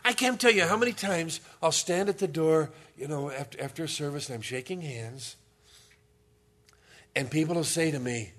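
A pastor giving a sermon in a conversational, humorous storytelling manner. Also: male voice, a little high, fairly quick, fairly bright tone.

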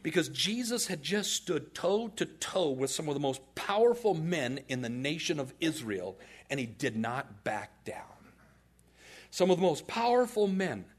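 A man's voice: fairly high pitch, a little slow, husky. A man in his forties, preaching a sermon and telling stories animatedly. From United States. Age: 40s. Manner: animated, laughing through anecdotes. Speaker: pastor. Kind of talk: storytelling sermon.

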